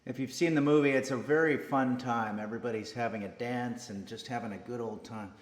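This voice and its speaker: A man hosting a cooking stream, chatting casually and hesitantly to viewers with many pauses and fillers. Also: mid-range voice, echoey room, long reverb tail. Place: home kitchen streaming setup.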